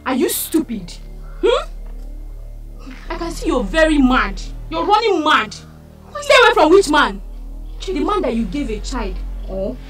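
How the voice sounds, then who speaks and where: A brazen Nigerian young woman. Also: sits high. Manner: brazen, mocking. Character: bold young woman chasing a married man, taunting. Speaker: young woman pursuing a married man. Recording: film scene with loud background music.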